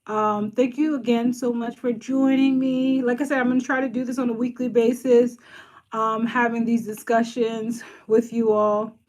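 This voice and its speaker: A woman's voice: on the high side, little pitch movement, moderate pace, darkish tone. A woman from Boston hosting a casual live stream, chatting and answering viewer comments as they come in. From Boston, USA. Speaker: livestream host, social worker.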